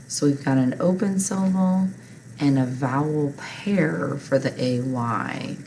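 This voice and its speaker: A woman's voice: low voice, dark tone, slight background noise, low-quality recording. A woman teacher patiently walking learners through a recorded reading lesson step by step.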